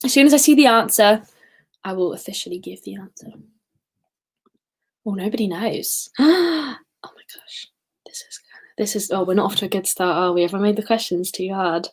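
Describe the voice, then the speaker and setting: A woman's voice: medium pitch, fairly quick. A woman hosting a casual live-stream quiz, chatty and giggly, sometimes singing short snippets. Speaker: quiz host.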